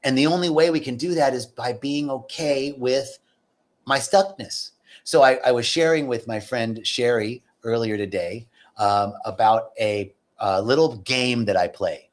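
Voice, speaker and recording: Man, middle-aged, spiritual teacher, earnest, repetitive, mid-pitched voice, jumps up for emphasis. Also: a little slow. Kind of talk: talk on acceptance.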